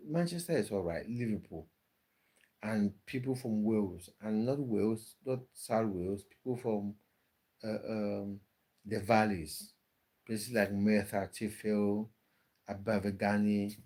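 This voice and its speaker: A man's voice: fairly low pitch, unhurried, a little mellow. A man hosting a casual livestream, chatting with viewers and reading out comments, often repeating words as he restarts. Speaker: livestream host reading chat. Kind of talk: casual live chat.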